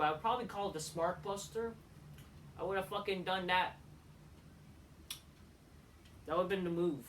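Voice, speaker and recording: A woman's voice: low-pitched, a bit bright, slight background noise. A woman heatedly ranting as a wrestling show reviewer, swearing often and rambling between points. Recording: voice a bit far from the mic.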